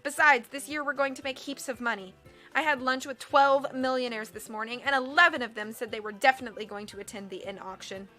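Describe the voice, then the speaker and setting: A woman voicing a vain, trend-obsessed rich lady who talks down to everyone in a high, bright, emphatic voice. She is haughty and dismissive and always sure she knows best, like a character in a read-aloud storybook. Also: a little fast, faint music behind. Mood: bossy. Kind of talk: audiobook character voice.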